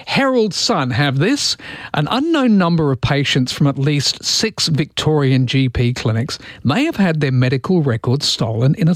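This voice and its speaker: A man's voice: fairly high pitch, no echo, clean studio sound. An Australian man hosting early-morning radio, chatting with a self-mocking humour and reading out listener texts and news headlines. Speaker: radio host.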